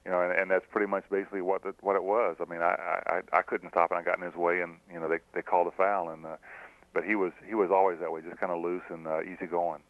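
A middle-aged man, a former pro player now coaching, answering radio callers by phone in a halting way with many fillers. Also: low voice, level tone, dry recording. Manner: soft-spoken and halting, with many fillers and restarts. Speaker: high school basketball coach. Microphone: telephone. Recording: thin phone line.

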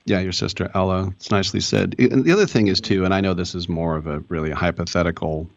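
A man's voice: deep voice, fast, vocal fry, no echo. A man hosting a sports radio show, asking casual, rambling questions of his guest. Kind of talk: radio interview. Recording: dull lo-fi sound, dry.

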